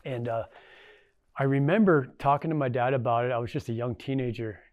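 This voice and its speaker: A man's voice: medium pitch, a little fast, darkish tone, no echo. A middle-aged man, a former tribal council member, giving a casual storytelling talk to an audience, folksy and anecdotal with lots of fillers.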